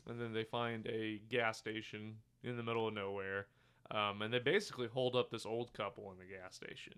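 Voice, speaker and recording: A man co-hosting a casual podcast, walking through a film's scenes and putting on the characters' lines as he goes. His voice sits a little low but rings bright and smooth. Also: brisk. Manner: animated retelling of scenes, acting out quotes, swearing. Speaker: podcast co-host. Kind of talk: casual movie review chat.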